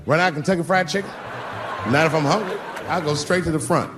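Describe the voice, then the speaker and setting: A man's voice: a little high, fast, noisy background. A middle-aged man doing stand-up comedy on stage, telling loose, profane stories full of acted-out quotes. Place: comedy stage before a live audience.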